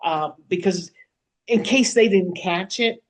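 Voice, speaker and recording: A woman's voice: lowish voice, takes it slowly. A woman in a webinar discussion, candid and self-deprecating, urging listeners to be direct. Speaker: webinar participant.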